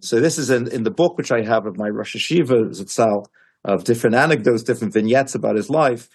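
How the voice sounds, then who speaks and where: A man's voice: mid-range voice, fairly quick, husky. A man giving a Torah class as a teacher, telling stories animatedly with frequent restarts and emphatic quotes.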